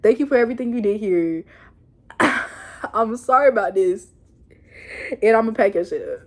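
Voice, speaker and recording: Girl imitating a chill low-voiced guy vampire, hushed and steady. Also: moderate pace, close to an everyday voice. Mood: reassuring.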